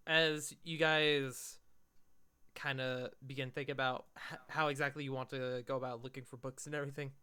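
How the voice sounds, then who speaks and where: A man's voice: mid-range voice, level tone, moderate pace, sharp tone, clear, resonant tone. A man narrating a tabletop game as game master, in a loose, descriptive way, with background music.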